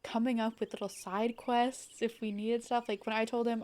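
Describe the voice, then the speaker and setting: A young adult woman chatting casually on a game live stream, bubbly and rambling, full of "like" and quick laughs. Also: fairly high pitch, little pitch movement, darkish tone.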